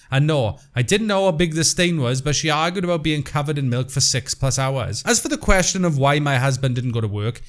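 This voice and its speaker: A man reads online posts aloud in a casual, jokey way and breaks off for sarcastic asides. His voice sits a little high for a man and swings widely in pitch, so the delivery keeps bouncing. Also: a bit bright. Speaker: host reading posts.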